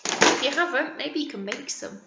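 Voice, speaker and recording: An English woman teaching phonics to young children, sounding out words slowly and warmly encouraging them. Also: high-pitched, expressive, gravelly, roomy sound, lo-fi sound, heavy background noise. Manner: slow, sing-song, exaggerated word sounding for small children. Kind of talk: early years phonics lesson.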